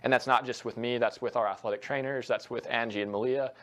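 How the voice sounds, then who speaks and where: A man's voice: medium pitch, fairly even intonation, fast, fairly bright tone. A young man, a college soccer head coach, giving earnest, reflective interview answers with frequent fillers.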